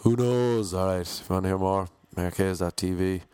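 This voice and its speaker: An Irish man in a rambling comic monologue, deadpan and self-mocking, talking in a monotone. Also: low voice, normal speed, clear, resonant tone, no echo.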